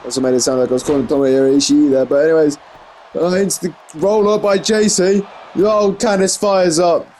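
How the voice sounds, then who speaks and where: A young man with a slightly high voice calls the action of a wrestling game in loose, casual play-by-play. He gets excited at big moves, says "jeez" a lot and trips over and corrects his own words, with a faint hiss under the recording. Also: brisk, low-quality recording. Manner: excitable, keeps saying "jeez", corrects himself mid-sentence. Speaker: gaming YouTuber commentating a wrestling game.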